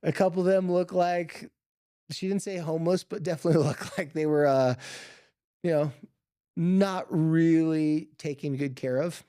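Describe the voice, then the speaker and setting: A man hosting a podcast, retelling a family story in a casual, lively way with filler words and quoted voices. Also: a little high, normal speed, smooth, no echo, clean studio sound. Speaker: podcast host. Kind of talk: storytelling monologue.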